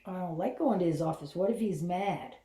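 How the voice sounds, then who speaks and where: A frightened little five-year-old girl, timid and pleading, as a woman with a low, mellow voice puts her on. She sounds a touch higher than the grown woman. The sound is roomy, with echo around it. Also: fairly quick, close to an everyday voice. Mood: scared.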